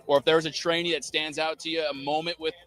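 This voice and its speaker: A man's voice: a little high, little pitch movement, a bit bright. A man hosting a casual live-stream interview, asking questions and giving encouraging affirmations. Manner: quick, encouraging, frequent affirmations. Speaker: livestream interviewer.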